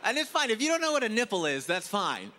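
High, lively stand-up comedian, exasperated. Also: male voice, fast. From Africa. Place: comedy club stage before a live audience. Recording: live club set with loud audience and noise.

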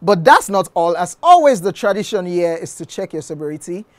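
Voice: medium pitch, sing-song, normal speed, no echo. A TV talk show host, playful and teasing, running the segment and signing off. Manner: playful, teasing, sign-off patter.

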